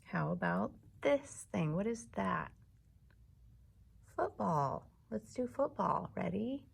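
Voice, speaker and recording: A woman's voice: mid-range voice, lively intonation, slow, creaky, breathy edge. A woman teacher leading a lesson for young children, patiently clapping out the syllables of words.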